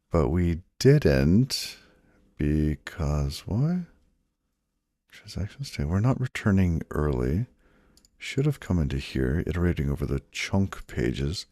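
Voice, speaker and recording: A man's voice: extremely low pitch, a little mellow, no echo, studio quality. A man streaming himself coding, thinking aloud casually as he debugs, muttering and trailing off as he talks to viewers. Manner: muttering to himself, trailing off, chatting to viewers between code reads. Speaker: programmer live-streaming his coding.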